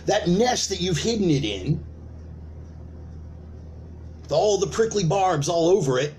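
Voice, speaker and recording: A man preaches a heated rant, swearing freely and hammering points with repetition and rhetorical questions. His fairly high voice swings widely in pitch from punchy peaks to low, grim asides. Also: very animated, measured pace, a little mellow, slight background noise. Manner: profane, emphatic, uses repetition and rhetorical questions. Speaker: preacher of an online sermon. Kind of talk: ranting sermon.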